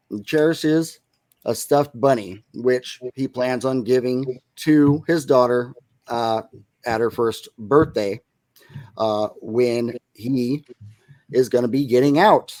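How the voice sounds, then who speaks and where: A man's voice: mid-range voice, slow, darkish tone, no room sound. A man co-hosting a podcast, casually recapping a movie plot and rambling into restarts. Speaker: podcast co-host.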